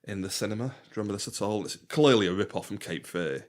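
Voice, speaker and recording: A man's voice: fairly low pitch, lively intonation, fast talker. A man co-hosting a podcast, chatting casually and retelling funny scenes with frequent laughter. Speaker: podcast co-host. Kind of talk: casual chat.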